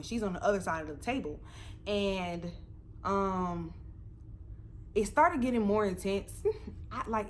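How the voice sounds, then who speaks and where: A young woman in a casual storytime vlog, talking in a slightly low voice. She tells it in an animated way, laughs a lot and swears without a second thought. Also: a little hiss or hum. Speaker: vlogger.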